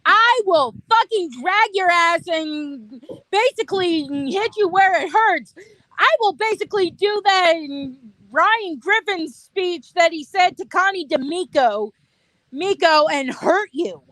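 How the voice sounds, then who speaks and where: A woman's voice: very high-pitched, expressive, slow pace, a bit bright, no echo, poor audio. A woman in a casual livestream chat, ranting angrily and swearing.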